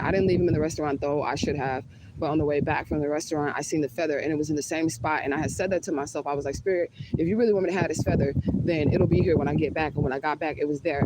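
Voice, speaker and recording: A woman's voice: sits low, heavy background noise. A woman vlogger telling a personal story to her viewers in a candid, chatty way, swearing freely. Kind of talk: casual storytime vlog.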